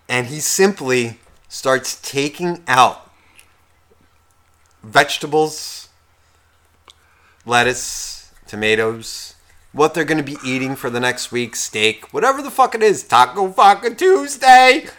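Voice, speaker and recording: A man's voice: fairly high pitch, bright, forceful tone. A man co-hosting a podcast, telling a story in a heated, profane rant. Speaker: podcast co-host. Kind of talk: casual comedic storytelling.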